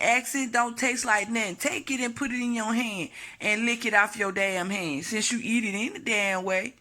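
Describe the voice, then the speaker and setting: A woman's voice: a little high, bright, forceful tone. A woman vlogging a blunt, profane opinion monologue to camera, hammering her points home by repeating them.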